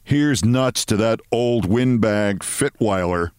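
A man voicing a meek, neat middle-aged male clerk who speaks quietly and deadpan. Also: on the low side, takes it slowly, clear, resonant tone, dry recording, studio quality.

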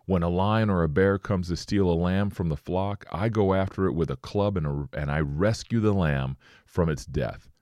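A man's voice: deep voice, moderate pace, few pauses, a little mellow, dry recording, natural voice. A man voicing a bold, indignant young shepherd hero while reading scripture aloud.

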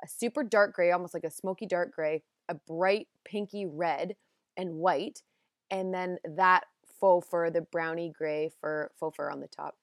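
A young woman hosts a podcast, telling a story in a chatty, self-deprecating way and laughing at herself in a casual monologue. Her voice is on the low side with fairly even intonation and a measured pace, recorded as clean studio sound with no room sound.

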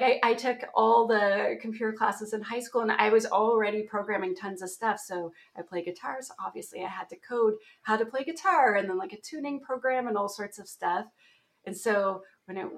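A woman in her forties with a Canadian accent, a guest telling her career story in a chatty, laughing way. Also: mid-range voice. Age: 40s. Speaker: guest, application security author. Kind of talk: casual interview chat.

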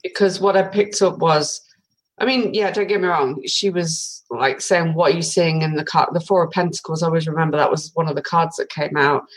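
A woman's voice: deep voice, fairly quick, poor audio. A woman in her forties from Britain, telling her story in a casual interview with many fillers. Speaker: guest, tarot reader.

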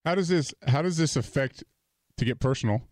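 A man's voice: fairly high pitch, a little fast, a little mellow, no room sound. A man co-hosting a podcast, asking long rambling questions with repeated words. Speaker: podcast co-host. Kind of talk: casual chat.

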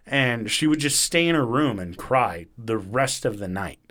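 Unhurried and mid-range in pitch, a man hosting a podcast tells a story in a loose, lively way. Profanity slips in, and he voices the quoted lines in varied characters.

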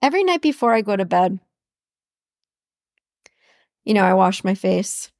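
This solo podcast host speaks in a sing-song, mid-range voice at a moderate pace, captured in clean studio sound with no room noise. She is warm and encouraging, voicing imagined support and saying her affirmations more than once.

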